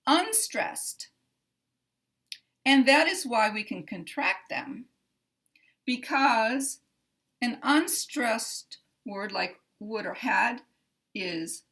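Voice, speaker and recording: A woman teaching English pronunciation, explaining sounds in a careful, measured way and repeating example sentences. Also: medium pitch, a bit bright. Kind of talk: slow, deliberate pronunciation lesson.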